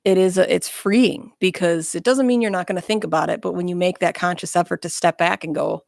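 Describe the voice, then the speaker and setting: A woman's voice: lowish voice, steady tone, a little fast, gravelly, hardly any pauses, darkish tone, no room sound. A woman guest speaking frankly and bluntly in a casual interview chat, with self-mocking humor, in a small studio.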